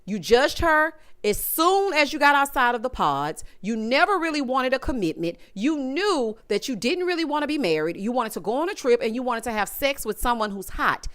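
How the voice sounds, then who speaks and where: A woman's voice: high voice, sing-song, moderate pace, hardly any pauses, fairly bright tone. A woman giving emphatic, sassy commentary on a reality dating show, talking straight to the people in it and acting out their quotes. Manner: acts out quotes in shifting voices. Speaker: recap vlogger.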